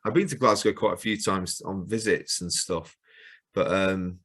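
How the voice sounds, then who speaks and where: Male rock musician guest, low voice, laid-back self-deprecating humor, video-call audio. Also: moderate pace, a bit bright, slightly rough. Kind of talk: casual chat.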